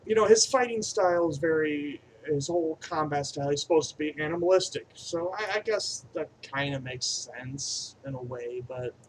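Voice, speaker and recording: A man with a slightly high voice reviews a movie off the cuff, rambling and profane. His delivery lurches from eager, loud enthusiasm to quiet, muttered asides. A faint background hum sits under his voice. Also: moderate pace, hardly any pauses, poor audio. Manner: enthusiastic, swinging between loud bursts and mumbled asides.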